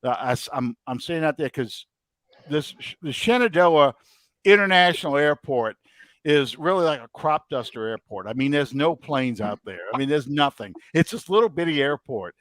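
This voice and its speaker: A man's voice: on the high side, normal speed, no room sound. Man telling a story, dry close sound. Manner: animated, laughing often mid-story. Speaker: podcast host. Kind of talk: casual storytelling.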